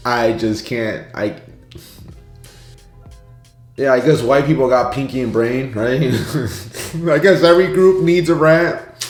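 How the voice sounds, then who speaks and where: A man hosting a reaction video, musing aloud in a relaxed way and chuckling between thoughts. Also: medium pitch, slow pace, pauses often, echoey room, soft background music. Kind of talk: casual reaction commentary.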